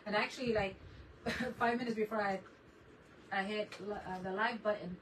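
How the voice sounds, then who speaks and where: Her voice is mid-range and fairly bright, with fairly even intonation and normal speed. Hosting a casual craft live stream at her home desk, she laughs often and welcomes viewers by name, heard through a distant mic over faint background noise.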